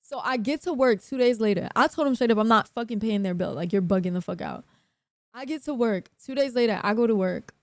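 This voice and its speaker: Speaking fairly quickly in a voice on the high side, this young woman tells a live-stream story, playing out other people's lines with casual, animated profanity. The recording is dry.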